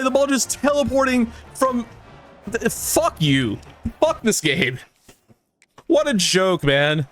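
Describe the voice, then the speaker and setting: A man's voice: high-pitched, fairly bright tone. A man giving casual gameplay commentary, swearing and ranting at the game with exasperation. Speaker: gaming YouTuber.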